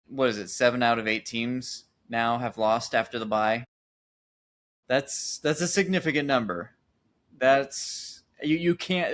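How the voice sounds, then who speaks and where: Man, podcast co-host, casual sports chat, animated and halting, mid pitch. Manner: animated, thinking aloud with restarts.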